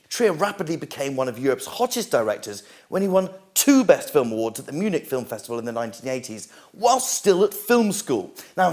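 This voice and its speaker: Theatrical man reviewing. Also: a little high. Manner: theatrical, mock-grand delivery. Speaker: host and reviewer. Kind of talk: comic film and snack review.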